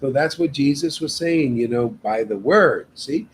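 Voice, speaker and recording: A man's voice: medium pitch, measured pace, slight background noise, poor audio. A man leading a devotional meetup, preaching in an emphatic, casual way and often tagging his sentences with "man". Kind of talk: informal devotional sermon.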